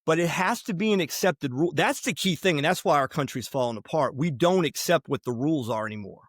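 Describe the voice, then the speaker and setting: A man's voice: on the high side, animated, quick pace, no echo. Opinionated man, dry close sound. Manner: emphatic, opinionated, digressive with restarts. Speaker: podcast guest, historian. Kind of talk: conversational interview, storytelling.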